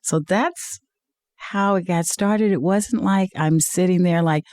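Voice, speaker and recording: A woman's voice: lowish voice, takes it slowly, a little mellow, dry recording, clean studio sound. Earnest woman telling a heartfelt story. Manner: earnest, heartfelt testimony with many "uh"s. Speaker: interview guest, league executive. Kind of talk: personal storytelling in an interview.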